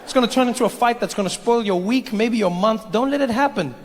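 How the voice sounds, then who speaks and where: Male comic, high and lively, performing in a big echoey theater. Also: fast talker, slight background noise. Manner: animated, acts out voices. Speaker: stand-up comedian. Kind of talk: stand-up comedy. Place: large live theater. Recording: echoey hall, faint crowd.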